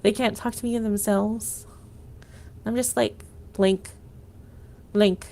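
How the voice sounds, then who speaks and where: A woman's voice: fairly high pitch, flat delivery, unhurried, creaky, a little mellow. A woman livestreaming, venting in a rambling casual monologue, full of "like" and restarts.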